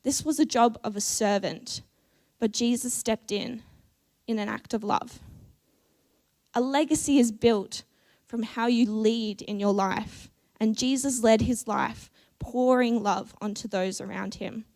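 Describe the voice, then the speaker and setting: A woman preaching a church sermon in a measured, earnest way, with deliberate pauses. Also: fairly high pitch, darkish tone.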